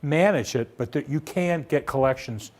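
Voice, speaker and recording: A man giving a live small business seminar, talking in a conversational way full of rhetorical questions. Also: normal speed. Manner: conversational, rhetorical questions, acts out demanding debtor with raised pitch. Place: seminar room.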